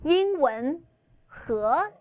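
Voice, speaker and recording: A woman whose first language is Chinese, teaching a recorded language lesson with slow, deliberate, carefully enunciated instruction. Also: high voice, expressive, dry recording. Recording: phone-like narrow audio, dry.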